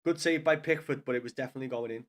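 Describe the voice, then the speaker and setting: A man's voice: medium pitch, very fast. A man with a Scouse accent giving sweary, frustrated live commentary to viewers as he watches a football match from a small home studio. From Liverpool, England.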